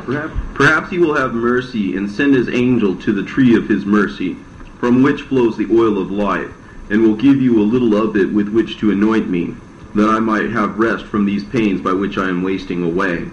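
Old suffering patriarch, weary plea, man reading, low voice. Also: moderate pace, slight background noise, lightly acted. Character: Adam, aged suffering first man. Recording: roomy dull lo-fi recording.

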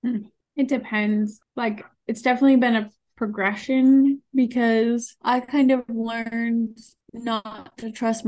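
A woman's voice: medium pitch, darkish tone. A woman co-hosting a podcast, talking in a reflective, casual way with lots of fillers. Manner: reflective, uses many fillers. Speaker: podcast co-host. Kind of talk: casual chat.

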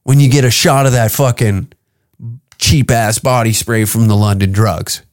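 A man's voice: lowish voice, fairly even intonation, normal speed. A man hosting a podcast, talking in a crude, rambling comedic monologue full of swearing. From Canada. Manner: profane, rambling, brash. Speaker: podcast host. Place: podcast studio.

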